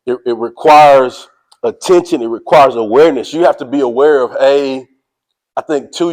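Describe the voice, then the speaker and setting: A high-pitched man gives a fired-up motivational talk to a team. He talks in casual slang, says "y'all", and keeps calling out to his listeners to make them pay attention. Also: low-quality recording. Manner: energetic, preachy, calls out to listeners. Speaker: motivational speaker.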